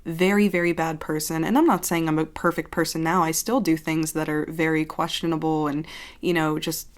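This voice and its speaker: A woman in her thirties, originally from Pennsylvania, talks openly to her viewers in a loose, rambling vlog chat. Her voice sits low for a woman, and she keeps circling back with "um" and "like" as she gathers her thoughts. It sounds like an ASMR host dropping the whisper to speak plainly. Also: flat delivery, a little fast. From Johnstown, Pennsylvania, US. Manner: rambling and candid, many fillers like "um" and "like". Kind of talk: casual chat update vlog.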